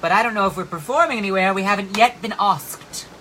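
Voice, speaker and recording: A man's voice: high voice, fast talker, a little hiss or hum, low-quality recording. A man who is a drag performer, chatting casually and playfully backstage at a bar, now and then breaking into song. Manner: animated and playful, bursts into song.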